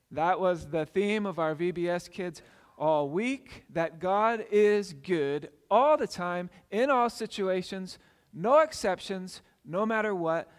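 High-voiced male pastor preaching. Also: big-room sound. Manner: earnest, repeats key phrases for emphasis. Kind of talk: sermon.

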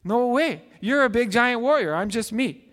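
A man's voice: very high-pitched, lively intonation, moderate pace, fairly bright tone, pitched above the performer's own voice. A man voicing a frightened ordinary soldier who refuses to fight, raised and protesting, with long hall reverb. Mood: nervous. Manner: nervous protesting. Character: frightened ordinary soldiers, male, shrinking back.

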